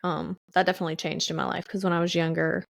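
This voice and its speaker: A woman's voice: lowish voice, flat delivery, quick pace, creaky, no room sound, clean studio sound. A woman co-hosting a podcast in casual chat, laid-back and teasing, laughing easily. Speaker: podcast co-host.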